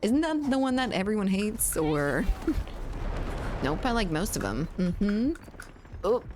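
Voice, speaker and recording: A woman's voice: mid-range voice, sing-song, unhurried, noisy background. A woman streaming a shooter game, chatting casually with her viewers and reading their messages aloud. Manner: chatty, reads chat aloud, laughs often. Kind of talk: casual gaming stream chat.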